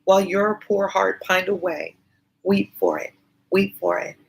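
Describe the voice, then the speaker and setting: A woman voicing a gentle, devoted young woman who tenderly pleads with her father. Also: mid-range voice, fairly even intonation, measured pace, gravelly, breathy edge, voice pushed up, poor audio. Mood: tender pleading. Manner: tender, pleading, repetitive appeals.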